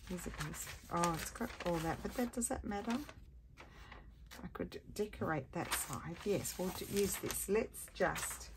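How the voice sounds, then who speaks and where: A woman's voice: on the low side, measured pace, noisy background. A tired woman rambling and thinking aloud as she hosts a casual crafting tutorial. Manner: chatty, rambling, thinks aloud while working.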